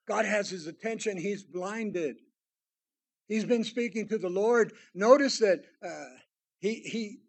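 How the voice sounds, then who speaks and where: A man preaching a sermon, reading Bible verses aloud and commenting on them, swinging between loud emphasis and hushed prayerful tones. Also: high voice.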